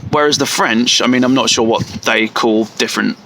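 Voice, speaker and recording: A man's voice: medium pitch, fairly even intonation, pushed and bright, slight background noise, poor audio. A man with an English accent musing aloud in a casual vlog, correcting himself as he goes and stretching out words to mimic how they sound. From England. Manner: slow, thinking aloud with restarts and self-corrections; playfully stretches vowels when mimicking pronunciations. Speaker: vlogger.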